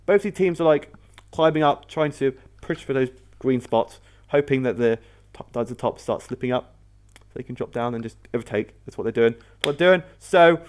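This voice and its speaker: A man's voice: mid-range voice, normal speed. A man hosting a casual battle commentary video, rambling and often correcting himself mid-sentence. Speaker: host.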